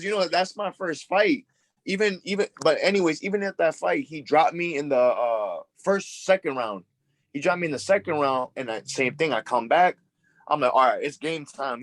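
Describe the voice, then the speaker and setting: A man's voice: on the high side, a bit bright, no echo. A young boxer in his twenties from Worcester, Massachusetts, telling fight stories in a rambling, eager way with lots of fillers. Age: 20s. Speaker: boxer guest. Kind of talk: casual interview chat.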